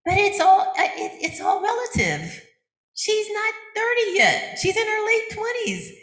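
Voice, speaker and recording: A woman's voice: very high voice, unhurried. Older lady pastor, chatty sermon, laughs a lot, echoey church room. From United States. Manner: chatty and animated, acting out quotes with laughter. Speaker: minister. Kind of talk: conversational sermon. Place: church sanctuary. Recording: roomy church echo.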